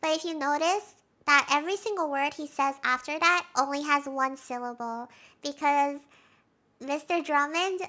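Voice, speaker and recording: A woman streamer chatting casually through a TV recap, giggly and excitable, with frequent laughs and fillers. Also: high voice, normal speed. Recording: live stream with faint music.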